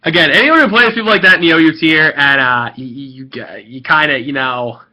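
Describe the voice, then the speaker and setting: A man's voice: on the high side, brisk, sharp tone. A young man ranting in a rambling, salty and profane way as he gives casual commentary on an online game he was playing. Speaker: gaming video creator. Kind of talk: rambling gaming commentary rant.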